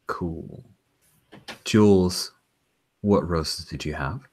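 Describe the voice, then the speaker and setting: A man's voice: sits low, extremely slow, a little mellow, slightly rough. A man as game master, chatting casually after a tabletop session and handing out praise to his players. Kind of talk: casual post-game chat.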